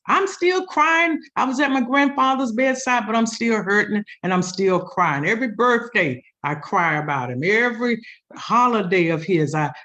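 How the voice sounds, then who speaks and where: Emphatic woman chaplain with preacher's cadence. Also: medium pitch. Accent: African American. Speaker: hospital chaplain and pastoral educator. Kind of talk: community panel talk, preacher-like.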